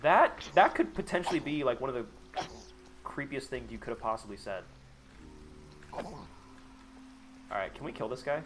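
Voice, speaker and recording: A man's voice: medium pitch, sing-song, moderate pace, long pauses, music in the background. Profane, sarcastic male gaming streamer. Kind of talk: casual live gaming stream chatter.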